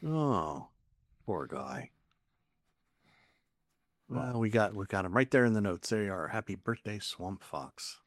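A man's voice: lowish voice, sing-song, measured pace, long pauses, no room sound, clean studio sound. A man in his sixties teasing wryly in casual banter as a co-host. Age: 60s. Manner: wry, teasing.

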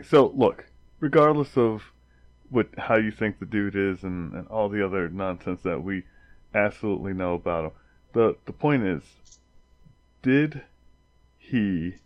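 A man's voice: fairly low pitch, expressive, a little slow, pauses often, dry recording, highs cut off. A man in casual chat, arguing his point with stumbling restarts.

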